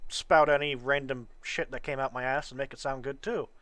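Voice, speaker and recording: A man's voice: mid-range voice, fairly even intonation, a bit bright, no room sound. A man co-hosting a casual talk show over a call, blunt and sarcastic. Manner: blunt, sarcastic, quick to laugh.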